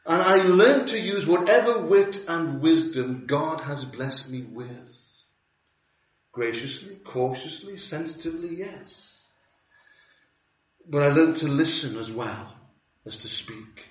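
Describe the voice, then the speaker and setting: A man preaching a sermon, telling a story with wry humor and lively delivery. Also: fairly high pitch, slow. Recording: roomy hall from a distance, dull sound.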